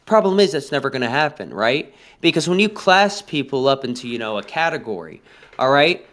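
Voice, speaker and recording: A man's voice: mid-range voice, lively intonation, brisk, a bit bright. A man co-hosting a livestream chat, lecturing bluntly on a topic and often checking in with "all right?". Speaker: livestream co-host. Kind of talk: casual political chat.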